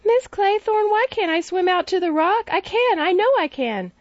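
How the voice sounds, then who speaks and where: A woman reading an audiobook voices a whiny little boy who pesters his governess in a high pleading tone. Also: animated, moderate pace, dry recording, muffled recording. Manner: high pleading childish whine.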